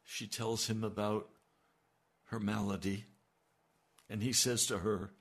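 A man's voice: on the low side, flat delivery, takes it slowly, a bit bright, breathy edge. A man preaching a sermon as pastor, with emphatic delivery that swells on key lines.

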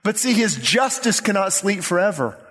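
Pastor, male, high voice, urgent and impassioned, repeats his points; long church reverb. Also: big pitch swings, moderate pace, fairly bright tone, breathy edge. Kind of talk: sermon. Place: church sanctuary.

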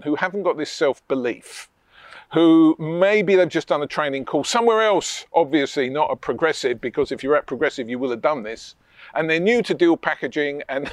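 A man coaching a room of property investors with a punchy, emphatic delivery. He keeps hammering key points and adding little tag questions. His voice sits fairly high and the sound is close and dry. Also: no echo. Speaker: property sourcing trainer. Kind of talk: energetic coaching talk.

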